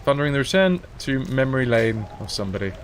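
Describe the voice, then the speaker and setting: A man's voice: mid-range voice, fast, a little hiss or hum. Chatty man streaming a game. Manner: chatty, rambling and animated. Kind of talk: casual live-stream commentary.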